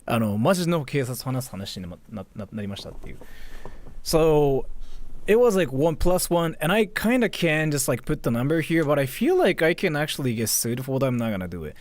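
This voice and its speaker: A man's voice: on the high side, big pitch swings, quick pace. A young man streaming and chatting casually, reading donations and telling a story in a rambling way full of "like". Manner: rambling, filler-heavy with frequent "like".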